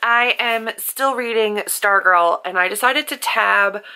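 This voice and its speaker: A woman's voice: medium pitch, a little slow, sharp tone, smooth, faint music behind, rough recording. A young woman gushing about books in a casual, emotional late-night vlog. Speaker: book vlogger.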